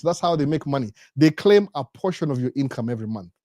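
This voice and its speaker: A man's voice: on the high side, lively intonation, very fast, few pauses, warm tone, dry recording, clean studio sound. A middle-aged Kenyan man with a Kenyan accent hosting a casual live Q&A stream, rambling through stories and acting out the voices of the people he quotes. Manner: rambling storyteller, acts out quoted voices, often adds "by the way". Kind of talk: casual live-stream chat mixing Swahili, Sheng and English.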